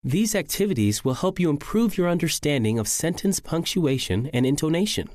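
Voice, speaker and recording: A man narrating a scripted English lesson, reading slowly and clearly. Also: a little high, animated, a little mellow, no echo, studio quality. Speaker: English teacher.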